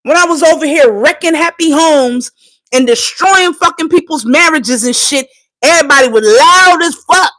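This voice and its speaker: A woman's voice: high voice, moderate pace, fairly bright tone. A woman from Trinidad, fighting back tears, ranting on a livestream in a profane, impassioned, insistent way. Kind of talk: emotional live-stream rant.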